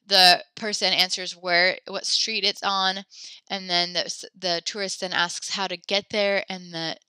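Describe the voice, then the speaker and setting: Encouraging French teacher, bright dry voice. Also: female voice, on the low side, little pitch movement, measured pace, clear, resonant tone, no echo. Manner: friendly, encouraging, chatty with fillers. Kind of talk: online class instruction. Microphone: computer mic in a video class.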